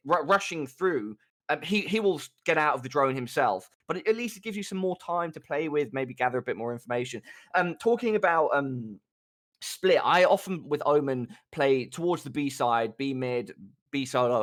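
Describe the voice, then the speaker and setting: A man talking casually about tactics on a live gaming show, swearing and ranting at times. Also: a bit bright. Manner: swears a lot, rants with rising pitch. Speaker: guest pro player.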